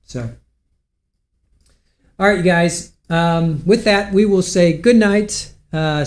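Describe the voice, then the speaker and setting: A man with a fairly high voice signs off a livestream in loose, friendly chat. He rambles and corrects himself as he goes, talking close to a desk mic. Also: takes it slowly, pauses often. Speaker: livestream host. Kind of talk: casual livestream sign-off chat.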